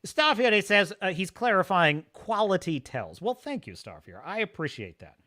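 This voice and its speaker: Excitable man hosting a livestream. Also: high voice, moderate pace. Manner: rambling, excitable, reads chat aloud. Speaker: livestream host. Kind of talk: casual livestream chat.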